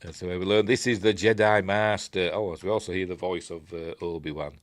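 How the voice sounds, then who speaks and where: A man's voice: low-pitched, steady tone, a little fast, dry recording, studio quality. A man with a Yorkshire accent hosting a casual film review at home, rambling chattily with tag questions and asides. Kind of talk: casual film commentary over the movie.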